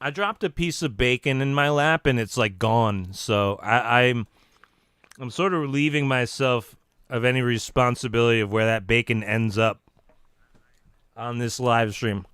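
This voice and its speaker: A man holds forth on a live stream in a playful, mock-serious lecturing tone, often stopping and restarting his sentences. His voice sounds smooth and clear, and it is picked up dry and close on a desk mic. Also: mid-range voice, a little slow, fairly bright tone, dry recording. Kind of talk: casual live stream rambling.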